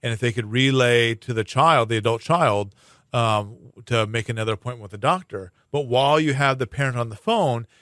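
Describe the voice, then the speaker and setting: A man's voice: mid-range voice, fairly quick, a bit bright, no room sound, clean studio sound. A man speaking as a prosecuting attorney guest in a casual radio interview, explaining at length with many fillers and restarts. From Hawaii. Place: radio studio.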